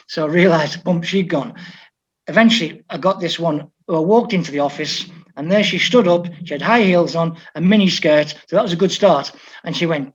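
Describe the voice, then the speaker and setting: A man's voice: fairly high pitch, brisk, slightly rough. A man from England, a football coach, telling stories in an interview and acting out the dialogue of the people in them. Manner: lively storyteller who quotes others in dialogue. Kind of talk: conversational anecdote telling. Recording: slightly dull lo-fi audio.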